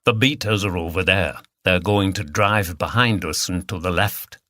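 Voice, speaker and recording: A man voicing a fierce, defiant young woman hunt saboteur who shouts and curses. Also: low-pitched, normal speed, no echo. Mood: hissing whisper. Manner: shouting, furious, cursing.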